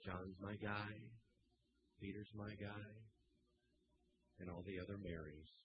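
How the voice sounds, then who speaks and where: A preacher voicing a gentle, tender Jesus. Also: male voice, sits low, unhurried, slight background noise. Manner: soft, tender, reassuring. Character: gentle, loving risen Jesus comforting a woman. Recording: dull lo-fi sermon recording.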